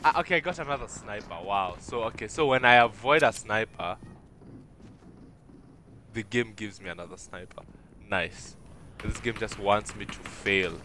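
A man streaming a shooter game live, reacting loudly with shouts of disbelief and cocky trash talk. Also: lowish voice, a little slow, pauses often, a little hiss or hum. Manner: excitable, yelling "what?" and trash talk. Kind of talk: live gaming stream commentary. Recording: loud game gunfire behind voice. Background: game gunfire and explosions.

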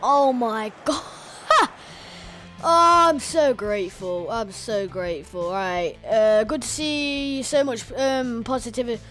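A woman reacting excitedly to a football game she is playing, talking straight at the screen. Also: fairly high pitch, a little slow, hardly any pauses, faint music behind. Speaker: gamer. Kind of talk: live gameplay commentary.

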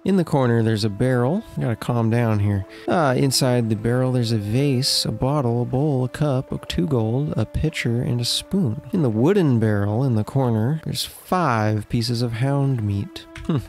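A man's voice: mid-range voice, normal speed, hardly any pauses, darkish tone, soft background music. A man giving comedic gameplay commentary in a mock-officious, indignant inspector tone with exasperated outbursts. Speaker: gaming video host.

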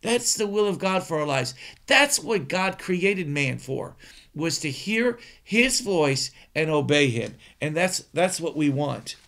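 A man's voice: a little high, big pitch swings, slow pace, vocal fry, a bit bright. A male preacher giving an earnest sermon, emphatic and often repeating words as he speaks.

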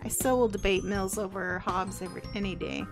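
A woman's voice: medium pitch, fairly even intonation, brisk. Joking woman streamer over game music. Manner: joking asides, laughs. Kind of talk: casual let's-play commentary. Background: game soundtrack music.

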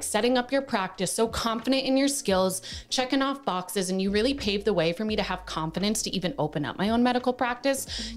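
Effusive woman hosting a podcast. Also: mid-range voice. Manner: effusive, emotional, heartfelt gushing. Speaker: podcast host. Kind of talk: casual podcast chat. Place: indoor room.

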